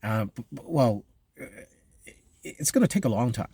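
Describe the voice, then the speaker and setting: Pastor, male, mellow tone, dry close sound, chatty sermon full of ums and restarts. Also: medium pitch, sing-song, vocal fry, slightly rough, no room sound. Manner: conversational, halting with many fillers and restarts. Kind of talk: sermon reading scripture and explaining it.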